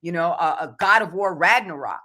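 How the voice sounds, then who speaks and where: A woman's voice: on the low side, animated, a little fast, pushed and bright. A woman voice actor, guest on a podcast interview, talking about her work in an earnest, reflective way. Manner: earnest, reflective, speaks of faith.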